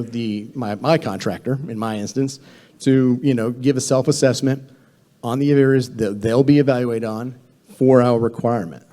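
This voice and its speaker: Mellow-voiced man giving a training talk. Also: mid-range voice. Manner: conversational, many fillers and restarts. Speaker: government contracting trainer. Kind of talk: live training presentation.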